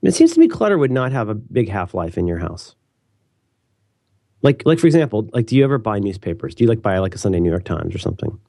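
Male podcast co-host, warm mellow tone, quick rambling banter, dead-dry studio sound. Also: fairly low pitch, gravelly, dry recording. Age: adult with a daughter. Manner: rambling, animated, teasing. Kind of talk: casual chat.

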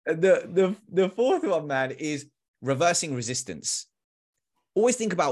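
Unhurried and a little high in pitch, a man in his thirties who trains salespeople talks energetically as a podcast guest. He hammers points with emphatic repetition and acts out the dialogue he quotes.

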